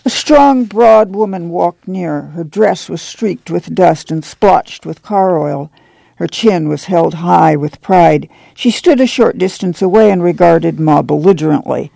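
Gravelly, dark-voiced male narrator. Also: sits high, dry recording. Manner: steady, measured reading. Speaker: audiobook narrator. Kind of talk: scripted narration.

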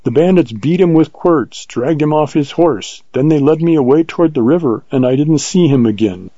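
A man's voice: a little high, expressive, normal speed, warm tone, no room sound, dull audio, pitched above the performer's own voice. A man voicing a spirited proud young woman. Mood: lively.

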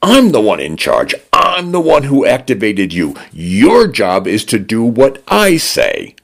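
A man voicing an angry woman shouting at the home that locked her out. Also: medium pitch, huge pitch swings, unhurried, creaky, slightly rough, pitched above the performer's own voice, heavily acted. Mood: furious.

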